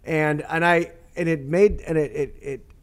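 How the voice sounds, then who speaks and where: A man telling stories as an author guest on a podcast, animated and rambling, with frequent laughs and restarts. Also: a little high, measured pace. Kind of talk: podcast interview storytelling.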